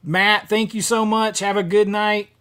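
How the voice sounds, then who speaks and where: His voice is high-pitched, clear, and resonant, pushed and bright yet delivered flatly and a little slowly. As host of a casual horror movie livestream, he reads viewer comments and rambles, full of fillers and restarts.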